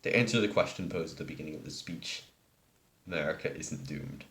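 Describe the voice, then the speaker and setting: Guy with a deep voice reading out a formal speech, steady and measured. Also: reverberant. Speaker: speech giver. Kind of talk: read-aloud speech.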